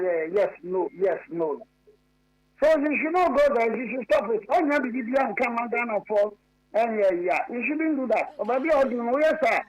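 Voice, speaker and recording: A man with a strikingly high voice debates politics on a radio talk show. He is emphatic and insistent, restating the same point again and again until it lands. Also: rough recording. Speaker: political commentator.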